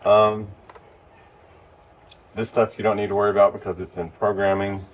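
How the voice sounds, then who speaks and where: A man giving relaxed, step-by-step training to church volunteers, recorded in a church. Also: on the low side, normal speed, dull audio. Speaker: lighting instructor. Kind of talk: casual hands-on training. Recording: distant mic with faint noise.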